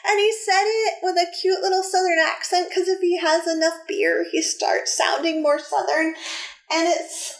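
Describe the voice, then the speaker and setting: A woman from New England co-hosting a podcast, telling a story in casual chat with emphatic, animated delivery. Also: very high-pitched, normal speed, echoey room. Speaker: podcast co-host.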